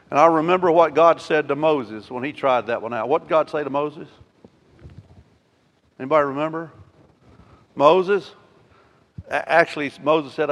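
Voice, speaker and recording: A male pastor preaching a sermon. He swings between loud, emphatic declarations and quiet, intimate asides, and asks the congregation rhetorical questions. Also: a little high. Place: church sanctuary. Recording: long hall reverb.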